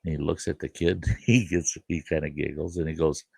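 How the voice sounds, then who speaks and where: A man's voice: rumbling low, a little fast, hardly any pauses, no echo. An older man, hosting and telling a story casually, chuckling as he goes. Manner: animated, chuckling, dry gravelly delivery. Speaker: host.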